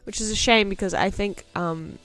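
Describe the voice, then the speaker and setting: A young woman chats casually on a live stream as she draws, in a mid-pitched, everyday voice. She is self-mocking and often mutters half to herself while working. Faint music plays behind her. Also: normal speed, fairly bright tone. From New Zealand.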